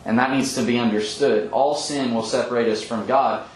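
A man leading a Bible study, explaining scripture earnestly with frequent pauses and ums, often quoting verses. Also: medium pitch, steady tone, slight background noise. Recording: echoey room with faint ambience.

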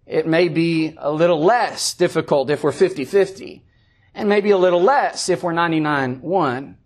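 Male preacher, earnest sermon delivery with repeated emphatic phrases, slightly higher voice. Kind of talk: evening sermon.

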